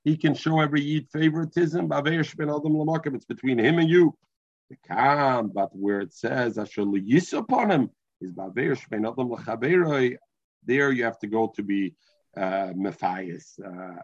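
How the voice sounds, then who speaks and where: A man leads a Talmud class, slipping Hebrew and words into his English and restarting sentences as he goes. His voice is husky and sits at an ordinary middle pitch. The recording sounds dull and lo-fi. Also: dry recording. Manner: mixes English with Hebrew and Yiddish terms, restarts often. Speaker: Talmud teacher.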